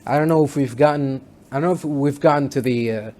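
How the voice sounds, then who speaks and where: A show reviewer talks casually about a TV series, rambling with lots of fillers and restarts and sometimes acting out lines in quick voices. His voice is mid-range and mellow.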